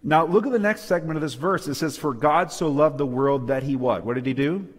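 A man's voice: a little high, a little fast, big-room sound. A man preaching a Bible lesson to a live and online audience, emphatic, often asking for amens. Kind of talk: sermon-style Bible lesson. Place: church hall with local and online audience.

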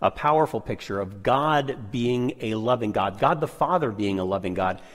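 A man's voice: fairly low pitch, animated, normal speed, long reverb tail. A man co-presenting a sermon, affirming the preacher and reading scripture aloud.

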